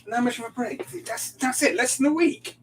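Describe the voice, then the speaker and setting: A man, a barber hosting a livestream, chatting in an animated, excitable way, laughing often and swearing casually. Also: very high-pitched, fairly quick. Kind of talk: casual chat. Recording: distant mic with faint background noise.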